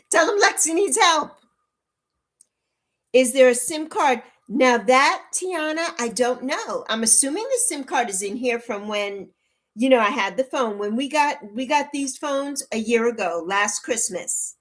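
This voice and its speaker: Her voice is on the high side, expressive and a little slow. This sixty-something woman runs a casual livestream through her laptop mic, calling out viewers by name as she flusters and pleads for help.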